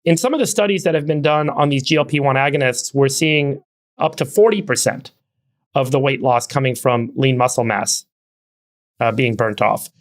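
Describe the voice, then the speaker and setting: A man's voice: mid-range voice, normal speed. A middle-aged man co-hosting a podcast, explaining at length and fluently, with frequent word repeats. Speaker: podcast co-host.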